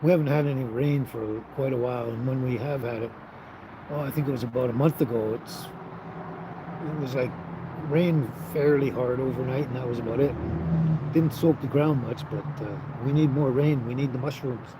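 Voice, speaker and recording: A man's voice: medium pitch, steady tone, normal speed. A man hosting a casual livestream, reading and answering viewer chat in an easygoing way, often chuckling and trailing off with fillers. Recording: outdoor livestream with noticeable traffic noise.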